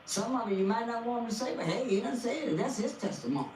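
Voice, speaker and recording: A woman's voice: on the high side, lively intonation, quick pace, darkish tone. An older woman, a guest on a podcast, giving an emotional testimony about her family and repeating phrases like a preacher. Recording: echoey, distant, faint noise.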